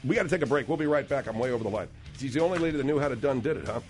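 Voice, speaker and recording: Sarcastic, animated male radio host. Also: medium pitch, faint music behind. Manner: sarcastic, exasperated, quick retorts. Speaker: radio talk show host. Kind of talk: comedic radio talk.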